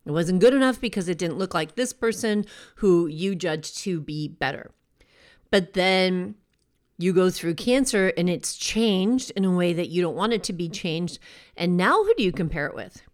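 A woman hosting a show, giving an earnest, reflective motivational talk in a conversational way, slowing down to stress key words. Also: on the low side, expressive. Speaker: podcast host.

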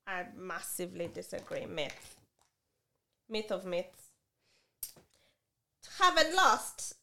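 Animated woman podcast co-host telling a story. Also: on the low side, takes it slowly, gravelly, slight background noise. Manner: animated storytelling, acting out both sides of an argument. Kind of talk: casual podcast chat.

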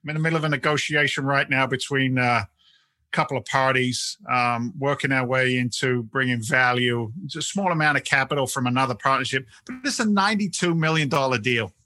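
A middle-aged Englishman, a real estate investment CEO, speaks as a guest in a casual interview with a London accent blended with American. His mid-range voice is sharp and fairly quick, with no echo, and he talks animatedly, often repeating words as he restarts sentences.

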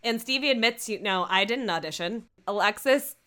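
A woman co-hosting a podcast, giggling often as she recaps a TV episode in casual chat. Her voice is bright and swings up and down a lot. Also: mid-range voice, normal speed. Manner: giggly, animated, quotes lines from the show. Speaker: podcast co-host.

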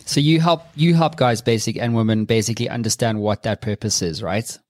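A man's voice: mid-range voice, fairly quick, no room sound, studio quality. A man hosting a podcast, talking in a hesitant, reflective way with many fillers. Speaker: podcast host. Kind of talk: casual podcast conversation.

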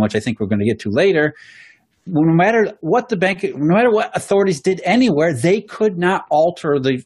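On a podcast, a male guest explains economic history at length, frequently restarting and repeating words along the way. His pitch is fairly high, with a breathy edge.

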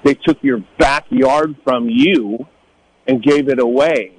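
A middle-aged man from Northern California in a casual storytelling talk, animated, acting out the people he quotes in a higher voice. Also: slow, slight background noise, rough recording. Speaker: guest telling life stories.

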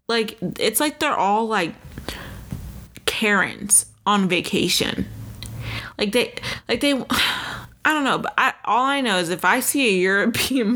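A woman's voice: medium pitch, a bit bright. A woman hosting a solo podcast, chatting in a rambling, profane, self-mocking way. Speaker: podcast host. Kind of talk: casual solo podcast chat.

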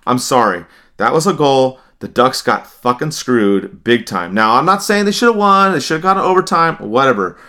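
Man, podcast co-host, heated profane rant, mid pitch, middle-of-the-road voice. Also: lively intonation, moderate pace, bright, forceful tone. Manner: emphatic, profane ranting. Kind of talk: heated sports talk.

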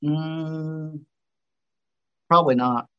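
A man from Indiana, a guest giving short, low-key answers in a casual interview. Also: fairly even intonation, very slow, clean tone, highs cut off.

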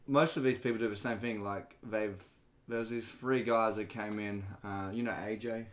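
A man's voice: lowish voice, steady tone, moderate pace. A young man with an Australian accent, a bartender guest telling stories in casual chat. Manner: laid-back storytelling, lots of "like" and "yeah".

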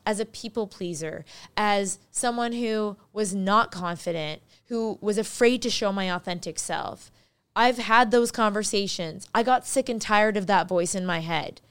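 A woman's voice: mid-range voice, smooth. A woman guest on a podcast, talking as a life coach in an upbeat, emphatic way and laughing often. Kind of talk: motivational podcast talk.

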